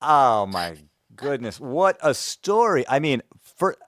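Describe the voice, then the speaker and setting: A man's voice: medium pitch, big pitch swings, slow pace, fairly bright tone. A man hosting a podcast, thinking aloud as he reflects on his guest's story. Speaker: podcast host. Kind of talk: conversational interview.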